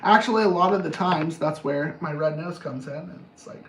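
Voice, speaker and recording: A man's voice: on the high side, a little fast. A man coaching on anger in a casual, blunt monologue, swearing freely and joking at his own expense. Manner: blunt, profane, jokey, self-mocking. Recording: roomy echo, faint background noise.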